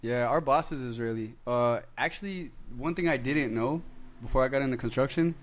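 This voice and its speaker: A man's voice: medium pitch, fairly quick. A young man hosting a podcast in casual chat, talking loosely with lots of slang. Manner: laid-back slang-heavy talk. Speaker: podcast host.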